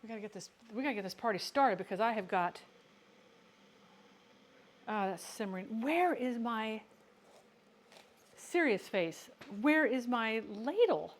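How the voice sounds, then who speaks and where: A woman's voice: on the high side, expressive, a little slow, long pauses. Chatty woman hosting a canning livestream. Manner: chatty, answers viewer questions, talks to herself while working. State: has the hiccups. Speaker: livestream host teaching home canning. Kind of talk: casual livestream cooking chat.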